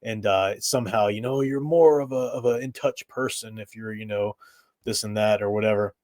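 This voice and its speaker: A man's voice: fairly low pitch, moderate pace, a little mellow, no room sound, clean studio sound. A middle-aged man hosting a live stream, giving his blunt opinions in casual chat and laughing at his own remarks.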